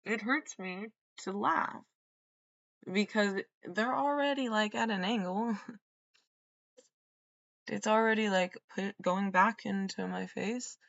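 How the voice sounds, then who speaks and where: A woman's voice: mid-range voice, slow, gravelly, pauses often, a bit bright, muffled recording. A woman hosting a podcast, rambling through a solo monologue, swearing and trailing off mid-thought. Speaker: podcast host.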